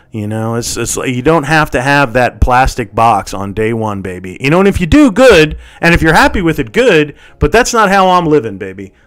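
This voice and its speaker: A man hosting his own channel, delivering an angry, swearing rant that repeats its points and swings from loud outbursts to low mutters. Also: smooth. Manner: heated, swearing, repeats himself. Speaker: channel host.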